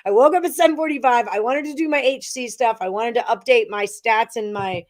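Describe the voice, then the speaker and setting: A woman hosting a live sports betting show, chatty and quick to laugh as she greets viewers. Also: a little high. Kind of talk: casual live-stream chat.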